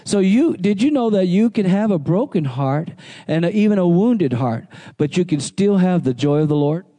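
A male pastor delivers a sermon, reading scripture and calling out questions to his congregation. His voice sits high for a man, with a soft, mellow tone. His delivery is animated, with frequent restarts. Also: normal speed. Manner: animated preaching, calls to the congregation.

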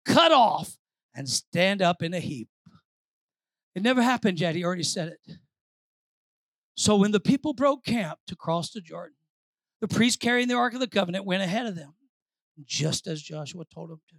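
A woman pastor preaching a sermon, moving between quiet asides and shouted, repeated phrases for emphasis. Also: mid-range voice, animated, moderate pace, no room sound.

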